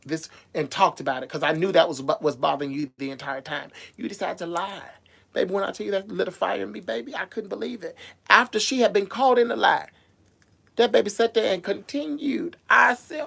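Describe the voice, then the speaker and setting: Heated, low-pitched woman ranting on a livestream. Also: fairly quick, creaky. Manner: heated, emotional and repetitive, stumbling over words; addresses viewers directly. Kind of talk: casual live-stream rant.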